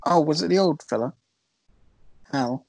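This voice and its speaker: A man co-hosting a podcast, chatting about films in a relaxed, hesitant way with plenty of fillers. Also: fairly high pitch, a little slow, creaky, dry recording, rough recording. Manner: laid-back, hesitant, laughs often. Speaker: podcast co-host. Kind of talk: casual film chat.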